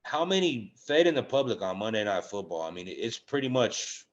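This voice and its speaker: A man's voice: fairly low pitch, big pitch swings, fairly quick, over a noisy crowd. A man co-hosting a casual sports betting chat, blunt and full of swearing, with many "uh" and "um" fillers. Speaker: podcast co-host. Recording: dull lo-fi sound.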